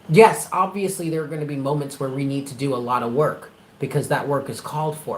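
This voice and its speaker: A man's voice: mid-range voice, steady tone, brisk, hardly any pauses. A man reads tarot live, pressing his points hard, swearing freely and calling the sitter by endearments. His voice carries a roomy echo, and there is a faint hiss of noise behind him. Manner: emphatic, blunt, profane, affectionate. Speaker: tarot reader.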